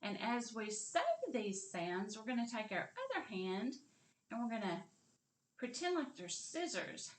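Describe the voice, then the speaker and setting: Kindergarten teacher, woman, unhurried and lively in pitch, whispering some words, recorded in a roomy space. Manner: slow, encouraging, sing-song teacher voice with whispered parts. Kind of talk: kindergarten literacy lesson. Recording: echoey room.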